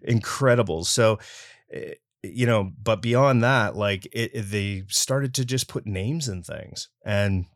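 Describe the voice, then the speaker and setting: A Canadian voice actor chats casually in an interview, filling his speech with fillers and easy laughs. His voice is fairly low, and he speaks slowly.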